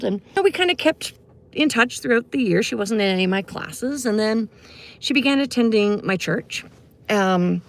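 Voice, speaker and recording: A middle-aged woman recounts a personal story on a casual livestream. Her voice sits at a middle pitch with a heavy vocal fry that runs through her sentences, and she talks in a loose, chatty way, with many "you know" and "um" asides. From Canada. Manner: conversational, many fillers and asides. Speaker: music teacher.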